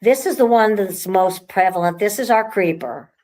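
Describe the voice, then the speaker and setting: A woman who owns a haunted house, chatting casually in a relaxed, rambling way with frequent restarts. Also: medium pitch, moderate pace. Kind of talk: casual conversation.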